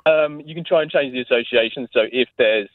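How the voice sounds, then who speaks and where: A man's voice: mid-range voice, a little fast. A man explaining dog behaviour to a radio host, patient and methodical with frequent ums. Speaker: caller giving an answer. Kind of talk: phone-in explanation. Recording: phone line.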